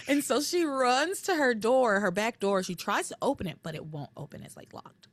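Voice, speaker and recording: A woman co-hosting a podcast, recapping episodes in animated casual chat and acting out quoted lines. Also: on the high side, moderate pace, no echo. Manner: animated, recounting with quoted voices. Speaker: podcast co-host.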